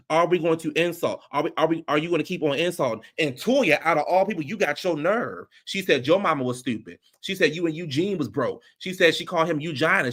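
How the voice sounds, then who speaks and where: A man reviewing a reality TV episode in casual commentary, ranting in an animated, profane way. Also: fairly high pitch.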